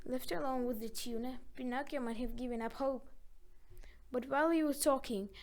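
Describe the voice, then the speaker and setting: A woman reading a children's story aloud in an expressive, dramatic storytelling manner. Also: high-pitched, normal speed.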